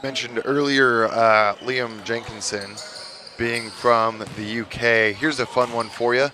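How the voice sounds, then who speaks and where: A man's voice: mid-range voice, steady tone, takes it slowly. A man giving chatty, informative color commentary at a live volleyball match. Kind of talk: live sports analysis. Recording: commentary over loud gym noise.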